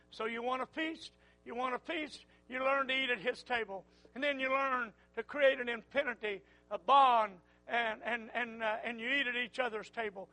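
An older man preaching a sermon, repeating his phrases and swinging from quiet murmurs to loud fervent calls. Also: extremely high pitch, moderate pace, low-quality recording.

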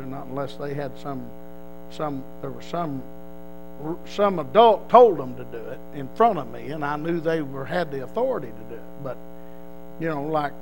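High-voiced Texan man telling stories. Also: creaky, rough recording. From Texas, USA. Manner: rambling, with frequent restarts. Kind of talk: personal storytelling.

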